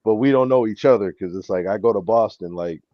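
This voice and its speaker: A man's voice: fairly low pitch, fairly quick, no room sound, muffled recording. A man from Springfield, Massachusetts with a Western Massachusetts accent, chatting as a co-host, rambling and swearing with lots of "like". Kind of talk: casual chat.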